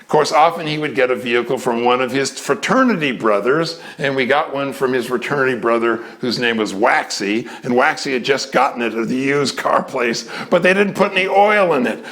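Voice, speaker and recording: An older man in a casual storytelling talk, animated, often acting out the people in his stories. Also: medium pitch, fairly quick, hardly any pauses. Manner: animated, acts out voices in quotes.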